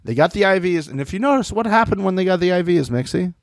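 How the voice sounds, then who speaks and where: A man co-hosting a reality TV podcast in casual, animated chat with some swearing. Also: high-pitched, quick pace, creaky, dry recording, clean studio sound. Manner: animated, swearing, puts on quoted voices. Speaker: podcast co-host.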